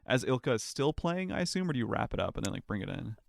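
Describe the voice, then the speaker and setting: A man narrating a tabletop game as dungeon master, animated and quick to laugh, with frequent fillers. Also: medium pitch, vocal fry, no room sound, clean studio sound.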